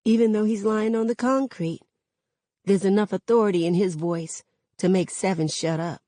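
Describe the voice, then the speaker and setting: A woman reading a novel aloud in a measured, even narration. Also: medium pitch, dry recording. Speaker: reader.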